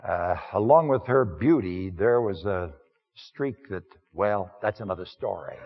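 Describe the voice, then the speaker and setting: A male preacher voicing a rough, humble working man who confides his story plainly and wryly. The voice is husky with lively pitch. The recording is dull and lo-fi. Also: unhurried, exaggerated voice. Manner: self-deprecating, confiding, plainspoken.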